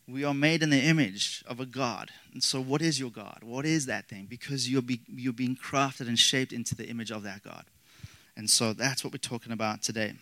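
A man's voice: mid-range voice, normal speed, a bit bright, dry recording, low-quality recording. A man preaching a sermon as pastor, earnest with rising emphasis and casual asides.

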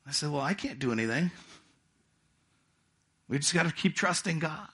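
A man's voice: a little high, expressive, normal speed, pauses often, fairly bright tone, slightly rough. A middle-aged man preaching a sermon, telling a personal testimony in a conversational, storytelling way with asides to the congregation. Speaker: pastor.

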